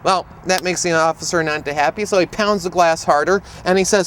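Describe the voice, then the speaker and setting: Male autism educator, fairly high voice, playful storyteller, faint background noise outside. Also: fairly quick, hardly any pauses. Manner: humorous, lively storyteller. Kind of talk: storytelling presentation to camera.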